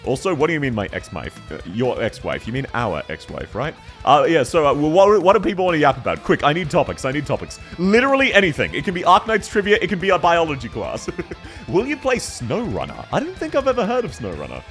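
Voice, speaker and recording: A young man chatting with his live-stream audience as he plays, his voice climbing and dipping with lively swings. He rambles from tangent to tangent, swears freely and laughs a lot, with faint game music under him. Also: fairly high pitch, quick pace. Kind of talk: casual live-stream chat while gaming.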